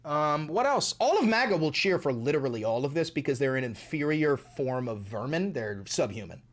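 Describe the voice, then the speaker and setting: Young male streamer, slightly high voice, angry, swearing rant that repeats itself. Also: big pitch swings, normal speed. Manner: angry, profane, repetitive. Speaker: livestream host. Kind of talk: political livestream rant.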